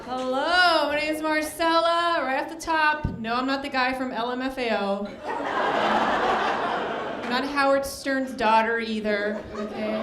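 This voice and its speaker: A woman performing a stand-up comedy set with a deadpan delivery, acting out dialogue in other voices. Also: fairly high pitch, heavy background noise. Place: comedy club stage with a crowd. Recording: echoey club with audience.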